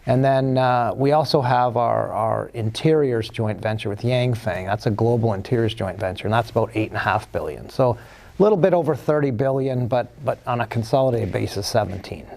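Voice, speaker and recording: A man appearing as a studio guest executive, answering questions in a measured way with frequent fillers and restarts. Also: mid-range voice, gravelly, a little mellow. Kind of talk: business interview answers.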